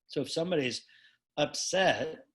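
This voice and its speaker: A man's voice: on the high side, animated, moderate pace, a bit bright. A middle-aged man teaching a coaching method in casual conversation, playful and acting out both sides of short dialogues.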